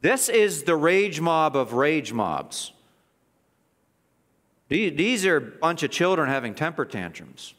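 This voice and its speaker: A man's voice: on the high side, big pitch swings, slow, pauses often, a bit bright, big-room sound. A man preaching a sermon as pastor, impassioned, with mocking asides and repeated words. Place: church sanctuary.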